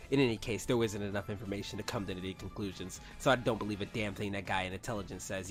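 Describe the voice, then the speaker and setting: A man's voice: on the low side, fairly even intonation, fast talker, few pauses, faint music behind. A man reading fanfiction aloud and breaking off for sarcastic, swearing commentary, stumbling over words now and then.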